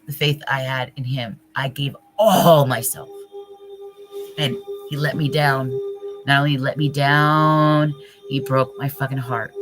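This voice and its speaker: A woman's voice: extremely low pitch, low-quality recording. A woman giving a live tarot reading, speaking passionately and voicing the client's feelings in the first person, with occasional swearing. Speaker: tarot reader. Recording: singing bowl music behind the voice. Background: singing bowl music.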